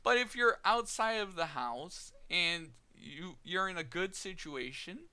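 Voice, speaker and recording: A man's voice: high voice, animated, unhurried, sharp tone. A young man casually telling a personal story on his vlog, candid and chatty, often laughing and acting out both sides of remembered conversations. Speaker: vlogger.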